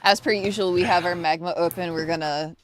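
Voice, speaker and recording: A woman's voice: lowish voice, fairly even intonation, a little fast, over a noisy crowd. A woman co-hosting a stream in casual chat, playful and reassuring, often laughing. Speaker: co-host of a group stream.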